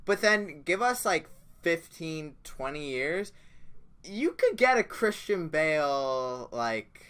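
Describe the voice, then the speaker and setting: Young man, slightly high voice, laid-back, trails off, casual co-host. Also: very animated, slow pace, a bit bright, clear, resonant tone. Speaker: podcast co-host. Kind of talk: casual chat.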